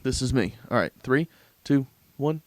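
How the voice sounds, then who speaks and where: A goofy, joking man co-hosts a podcast, his pitch swinging widely as he talks. The sound is close and dry, right on the mic. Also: expressive, moderate pace, no room sound. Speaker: podcast co-host. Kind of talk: casual chat.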